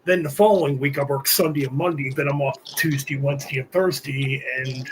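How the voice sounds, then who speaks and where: A man's voice: mid-range voice, fairly even intonation, fairly quick, a little hiss or hum. A man in a casual chat, blunt and sarcastic.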